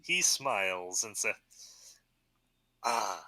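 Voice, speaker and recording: A man narrating as game master in a relaxed, chatty way. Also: lowish voice, moderate pace, no room sound, rough recording. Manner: relaxed, chatty, laughs often.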